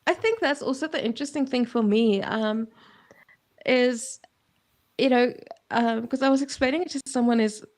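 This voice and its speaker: A woman's voice: on the high side, normal speed, darkish tone. A woman co-hosting a casual video-call chat, talking in a chatty way with lots of asides. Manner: chatty, full of fillers and asides. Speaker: co-host.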